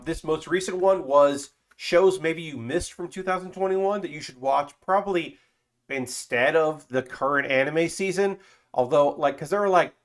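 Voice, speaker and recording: Chatty man rambling on a live stream. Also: on the high side. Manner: rambling, loose and chatty, with frequent fillers and casual swearing. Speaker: streamer building a model kit. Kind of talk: casual live-stream chat.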